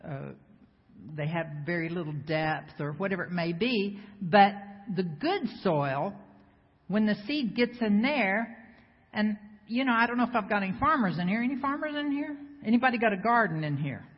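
A woman preacher delivering a lively sermon, bantering with the congregation and firing off rhetorical questions. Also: mid-range voice, normal speed, slightly rough. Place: church sanctuary before a congregation. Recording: echoey hall, slightly dull sound.

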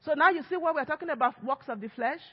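A woman lead pastor preaches a sermon in a high, fast voice, speaking emphatically and acting out quoted voices. The recording from the church sanctuary is echoey and has a dull, lo-fi sound.

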